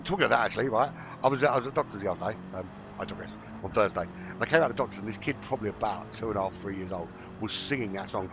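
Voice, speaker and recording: The background is noisy and the audio dull as a middle-aged man from London, speaking quickly in a lowish voice with a London accent, rambles through solo commentary on a sim race. He's casual and chatty, often wandering into jokey tangents.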